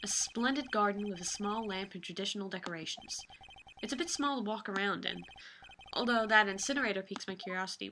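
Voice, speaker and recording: Playful bright-voiced woman gamer. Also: medium pitch, fast talker, a little hiss or hum. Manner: playful, sarcastic, swears casually. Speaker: let's play host. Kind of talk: reading game text with joking asides.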